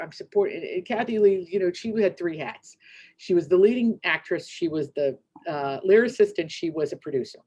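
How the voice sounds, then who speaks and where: A woman's voice: fairly low pitch, slightly rough, lo-fi sound. Chatty woman telling a story. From United States. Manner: chatty, rambling, animated, with quick asides. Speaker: keynote speaker. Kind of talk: lively storytelling speech.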